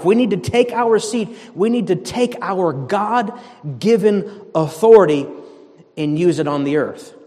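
A man's voice: on the high side, darkish tone. A man from the area preaching a sermon as pastor, with fervent, conversational delivery and repeated emphatic commands. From Boston area, USA. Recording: long hall reverb.

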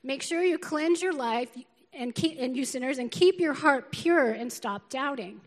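Middle-aged woman pastor, feisty and lively sermon delivery with quick laughs; high voice, big reverberant church hall. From northern United States. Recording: long reverb of a large hall.

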